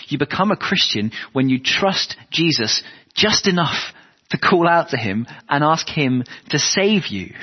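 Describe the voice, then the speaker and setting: A man preaching a sermon, earnest and asking his listeners rhetorical questions. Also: mid-range voice. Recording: dull lo-fi sound with long hall reverb.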